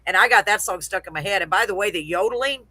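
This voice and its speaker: A woman's voice: medium pitch, fast, pushed and bright, dry recording. A woman from Texas with a faint Texas accent, hosting a live web radio chat show, gushing, laughing often and chatting away. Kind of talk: casual chat.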